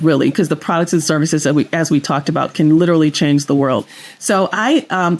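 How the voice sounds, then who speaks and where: A woman guest on a podcast interview, talking enthusiastically and telling her stories expressively. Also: fairly low pitch. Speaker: guest investor.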